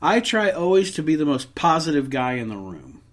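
A man co-hosting a podcast who talks in an animated, lively way, his pitch swinging up and down as he rants. He swears freely, restarts his sentences and pokes fun at himself in casual chat. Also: normal speed. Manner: ranting, self-mocking, swears freely; many restarts and trailing off. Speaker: podcast co-host.

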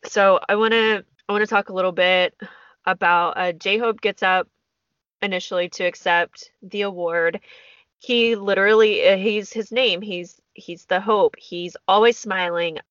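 A woman's voice: mid-range voice, fairly even intonation, a little slow, fairly bright tone, no echo. Emotional woman co-host, dry dull sound. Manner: emotional, quotes speeches at length. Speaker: podcast co-host. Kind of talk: casual chat, recounting events.

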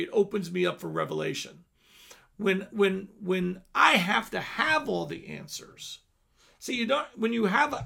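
A man's voice: high-pitched, vocal fry, pushed and bright, breathy edge. A man in his fifties preaching an earnest sermon, dropping at times to near-whispers. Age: 50s. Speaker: pastor.

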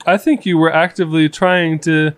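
A man's voice: fairly high pitch, steady tone, normal speed, dry recording. A man co-hosting a casual chat with his wife, dropping dry, teasing, mock-solemn remarks. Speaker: co-host, the husband.

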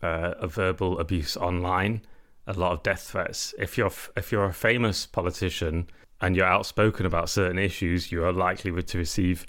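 A man's voice: low-pitched, steady tone, moderate pace, a bit bright. A tipsy man co-hosting a podcast, chatting about the news in a rambling way, full of fillers and restarts. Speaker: podcast co-host. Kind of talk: casual chat about news.

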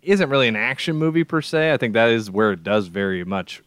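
A man talks films on a podcast in a rambling, animated way, stumbling over his words and circling back. His voice sits at an ordinary middle pitch. The sound is dry and close, with no room around it. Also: a little fast, smooth, no room sound. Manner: rambling, animated, many restarts. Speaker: podcast co-host. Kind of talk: casual film chat.

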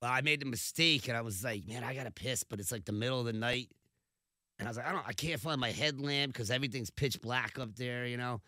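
A man telling stories in a casual chat, animated and laughing, acting out quotes along the way. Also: mid-range voice, quick pace. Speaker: radio host and podcast guest.

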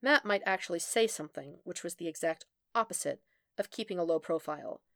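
A woman narrates a fan story aloud in a steady, even way. Her voice sits low, and the sound is close and dry with no room around it. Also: a little fast, gravelly, no echo. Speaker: podfic reader. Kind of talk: scripted narration.

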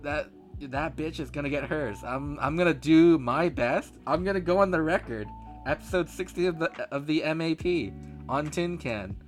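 A man from Canada co-hosting a casual podcast, telling a story in an animated rant full of swearing and acting out both sides of a phone call. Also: on the high side, moderate pace, faint music behind. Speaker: podcast co-host.

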